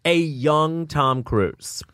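A man's voice: on the high side, extremely slow, fairly bright tone, clean tone, dry recording, studio quality. A man in his thirties, a guest on a casual comedy podcast, talking with hesitant restarts and casual swearing. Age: 30s. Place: small studio.

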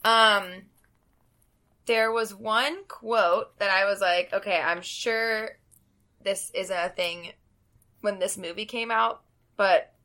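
A woman's voice: mid-range voice, fairly even intonation, slow, long pauses, sharp tone. A woman co-hosting a podcast in casual chat, chatty and hesitant, laughing easily. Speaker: podcast co-host.

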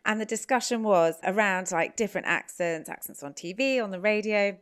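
A woman's voice: medium pitch, brisk, a bit bright, smooth. A woman co-hosting a casual fashion chat, supportive and easygoing. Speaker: podcast co-host.

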